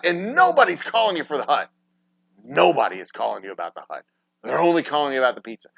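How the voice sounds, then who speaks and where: A man hosting a loose livestream chat, his pitch leaping all over the place as he rants and curses. The sound is dry and close, with a dull, lo-fi edge. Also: very animated, fast, gravelly, dry recording. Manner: profane, ranting, swings from mumbling to loud outbursts. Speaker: podcast host.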